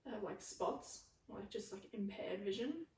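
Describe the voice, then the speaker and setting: A woman's voice: mid-range voice, expressive, mellow. Chatty young woman, echoey room. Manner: chatty, quick bursts, lots of "like". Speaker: podcast co-host. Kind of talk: casual chat. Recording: echoey room, far from mic.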